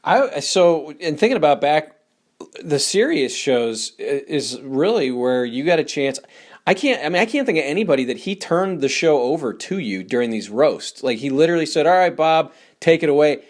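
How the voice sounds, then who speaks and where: A man's voice: fairly high pitch, very animated, normal speed. Man asking probing interview questions. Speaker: interviewer, channel host. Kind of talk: casual interview.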